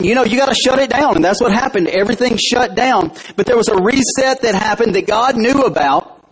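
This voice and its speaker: Husky high-voiced male pastor preaching. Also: low-quality recording. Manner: conversational preaching with questions to the congregation. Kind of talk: sermon. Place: church.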